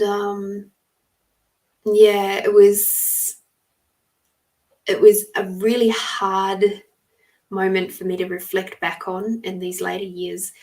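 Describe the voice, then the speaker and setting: A woman's voice: mid-range voice, a little mellow, far from the mic. A woman, hosting a live stream, telling a rambling personal story and greeting viewers as she goes. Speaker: podcast host giving live readings.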